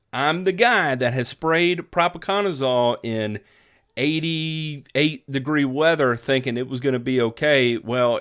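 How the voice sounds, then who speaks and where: A man's voice: mid-range voice, fairly bright tone. A man hosting a live lawn care show, upbeat and folksy, greeting viewers by name and chatting casually. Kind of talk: live-stream chat with viewers.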